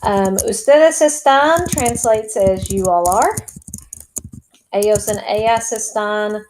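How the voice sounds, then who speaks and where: Woman, teacher, chatty step-by-step lesson, unhurried, warm low-key tone. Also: a little hiss or hum, poor audio. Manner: chatty, explains step by step while typing. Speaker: Spanish teacher. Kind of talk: recorded classroom lesson. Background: keyboard typing and clicks.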